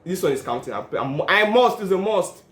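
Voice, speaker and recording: Excitable man in an echoey room. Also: high-pitched, moderate pace. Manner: excitable, pleading and swearing while betting. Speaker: gambling vlogger. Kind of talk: casual narration and live reactions.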